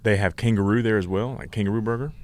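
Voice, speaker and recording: A man's voice: fairly low pitch, steady tone, quick pace, darkish tone. A man, co-hosting a casual podcast and rambling through easygoing stories. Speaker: podcast co-host. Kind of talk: casual chat.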